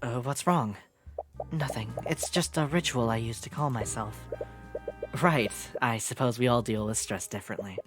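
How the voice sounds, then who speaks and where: A woman voicing a worried young woman protagonist, speaking her thoughts low and half-whispered. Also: moderate pace, over music. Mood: guarded.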